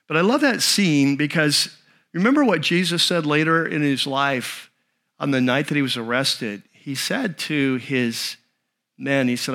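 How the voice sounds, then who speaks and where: A man preaching a sermon, telling a story in an animated, conversational way with frequent restarts. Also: mid-range voice, normal speed. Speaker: pastor.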